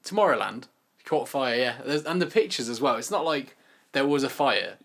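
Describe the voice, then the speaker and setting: A man's voice: medium pitch, lively intonation, moderate pace, creaky, fairly bright tone. A young man co-hosting a music podcast, chatting casually with dry, sarcastic asides. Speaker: podcast co-host. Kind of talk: casual chat.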